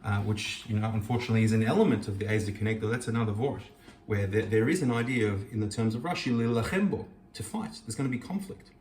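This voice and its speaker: A host with a lowish, slightly mellow voice talks fast, barely pausing, as he reads Hebrew verses and explains a scripture passage. It's an earnest, reflective Torah teaching recorded in a kitchen, echoey and with the mic placed at a distance.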